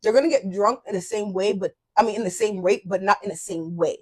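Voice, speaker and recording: A woman's voice: medium pitch, brisk, a little mellow, slightly rough, rough recording. A woman hosting a podcast, chatting casually and giving opinions in a teasing way. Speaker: podcast host. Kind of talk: casual chat.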